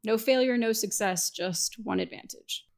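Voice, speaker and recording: A woman playing a tabletop game, relaxed and casual, thinking aloud about her character's moves. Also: medium pitch, normal speed, creaky. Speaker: player.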